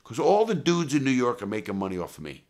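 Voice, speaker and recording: A man telling crime stories in a casual, profane, blunt street manner, with restarts and sudden loud quoted outbursts. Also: mid-range voice, wildly swooping pitch, quick pace. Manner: swings into loud acted quotes. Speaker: storyteller.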